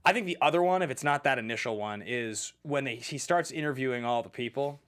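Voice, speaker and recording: A man talking quickly in a loose film discussion, voice at a middle pitch. He rambles and restarts sentences while steering the show. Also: a bit bright, clean tone. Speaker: film podcast co-host.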